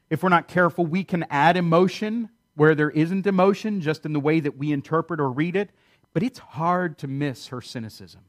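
Animated preacher man. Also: fairly high pitch. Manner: animated, acts out quoted voices with sarcasm. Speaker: pastor. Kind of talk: sermon.

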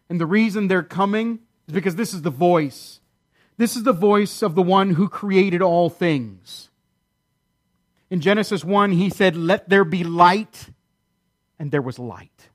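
A high-pitched pastor delivers a sermon with earnest emphasis. He repeats key phrases and slows down to stress the important lines.

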